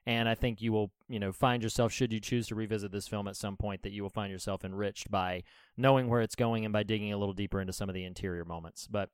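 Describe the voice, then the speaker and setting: A man co-hosting a casual film podcast, with a smooth, resonant voice recorded close and dry. He talks in an earnest, sermon-like way and drifts into scripture and encouragement. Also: on the low side, fairly even intonation, quick pace, dry recording. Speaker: podcast co-host.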